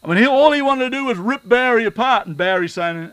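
A man's voice: very high voice, lively intonation, fast talker, fairly bright tone, clean tone, dry recording, low-quality recording. A middle-aged man, preaching a sermon and telling stories, with earnest repetition for emphasis. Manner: earnest storytelling, repeats phrases for emphasis.

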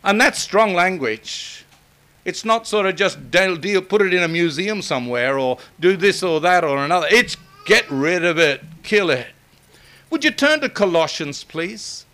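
An older man preaching a sermon, emphatic and building to forceful repetition. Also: high voice, expressive, a little slow.

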